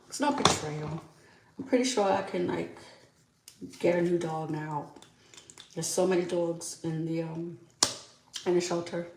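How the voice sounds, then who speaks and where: Doing her makeup as she talks, a young New Yorker hosts a solo podcast in a casual, frank, and profane style. Her voice is on the low side, with background noise and an echoey room in the recording.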